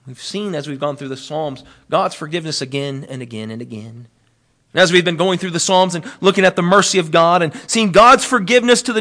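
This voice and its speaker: High-voiced man preaching with wide swings. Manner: preaching with wide swings in pitch and loudness, slowing on key phrases. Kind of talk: expository sermon.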